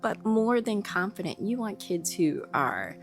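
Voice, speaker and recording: A woman, an early childhood educator speaking as a guest in a podcast interview, calm, measured and reassuring. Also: mid-range voice, soft background music.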